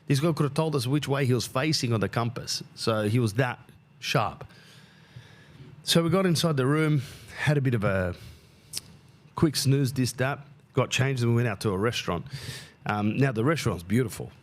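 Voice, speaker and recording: Animated man telling a story. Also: mid-range voice, normal speed, long pauses. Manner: animated, swears freely, acts out quoted people. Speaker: podcast host. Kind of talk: casual storytelling monologue.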